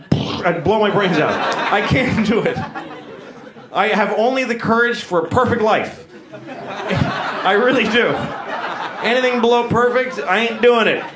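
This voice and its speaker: A man's voice: high-pitched, reverberant. A young man doing crude, rambling, self-mocking stand-up comedy on a club stage. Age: young adult.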